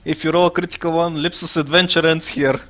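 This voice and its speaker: A man's voice: a little high, level tone, fast, bright, forceful tone. Joking tabletop player, man. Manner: joking, hesitant in character. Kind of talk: playing a tabletop game.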